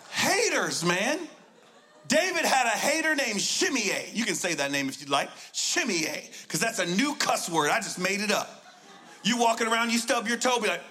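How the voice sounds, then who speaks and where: A man preaching a lively sermon as a guest speaker, joking and shouting his points. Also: sits high, brisk. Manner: excitable, joking, shouts for emphasis.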